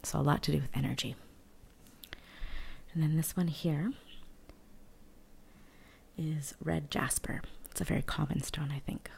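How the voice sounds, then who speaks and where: A woman speaking softly and often in a whisper in a gentle ASMR show-and-tell, close to the mic, thinking aloud with hesitant fillers. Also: deep voice, fairly even intonation, vocal fry, a little hiss or hum. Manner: whispered and hushed, slow and gentle. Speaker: vlogger.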